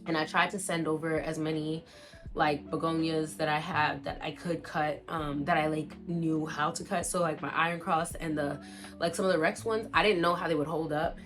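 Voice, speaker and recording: A young woman vlogging casually as she unboxes plant mail, gushing and excitable as she talks straight to her viewers. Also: low-pitched, moderate pace, soft background music.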